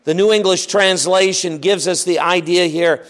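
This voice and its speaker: A man preaching a sermon, slow and emphatic, asking the listeners rhetorical questions. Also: high-pitched, fairly even intonation, a bit bright.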